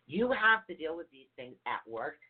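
A woman who is a holistic counselor, co-hosting a casual chat on spiritual growth in a chatty, animated way. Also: sits low, normal speed, slightly rough. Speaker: podcast co-host, holistic counselor. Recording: tinny phone-like audio.

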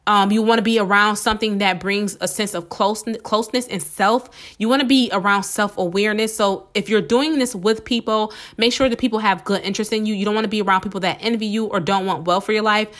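Woman podcast host, excited and quick, repeats herself, slightly sore throat, mid-pitched voice. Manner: fast-talking, excited, repeats steps. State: a little under the weather, slight sore throat. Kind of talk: casual motivational podcast talk.

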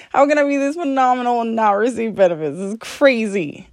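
A woman talks alone on her podcast in a frank, confessional way, with a voice a little on the high side. She swears freely and pokes fun at herself, breaking into laughs as she goes. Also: a little fast, few pauses, a little mellow. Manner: profane, self-deprecating, laughs often. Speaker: podcast host. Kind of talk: candid solo podcast monologue.

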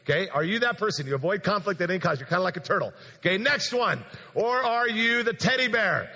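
A man preaching a sermon as pastor, telling an animated story with acted-out quotes before a congregation in a large church. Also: high-pitched, quick pace. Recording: long church hall reverb.

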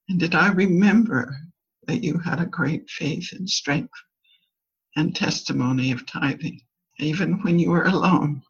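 An older woman, a grandmother, giving a church talk full of personal stories, told in a lively way and with the children's lines in a higher voice. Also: breathy edge. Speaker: church speaker. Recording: dull lo-fi recording.

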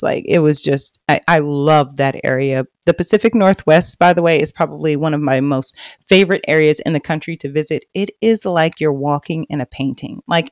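Speaking in a low voice over clean, echo-free studio sound, a woman from Texas narrates her own life as a podcast host. The monologue is gossipy and intimate, rising to lively volume when she boasts. Further on she softens into a hushed, reflective tone.

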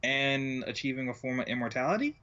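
A man co-hosting a podcast in casual chat, with a dry, low-key manner. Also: animated, a little fast, pushed and bright. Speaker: podcast co-host. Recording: dull lo-fi mic sound.

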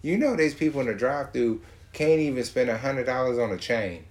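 Man, casual profane rant, mocking and animated, mid-pitched voice. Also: fairly quick. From Georgia, US.

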